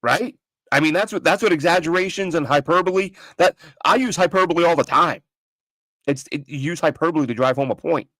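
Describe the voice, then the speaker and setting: A man's voice: a little high, fairly quick, dry recording. Guy doing a sports talk show from home, opinionated, rambling, dry close sound. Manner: animated, opinionated, rambling with restarts. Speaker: podcast host. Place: home studio with his dog nearby.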